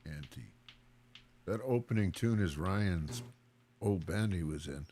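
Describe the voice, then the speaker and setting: A man's voice: deep voice, lively intonation, unhurried, warm tone, a little hiss or hum. A man hosting a livestream in casual chat, greeting viewers one by one with friendly banter. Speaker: livestream host.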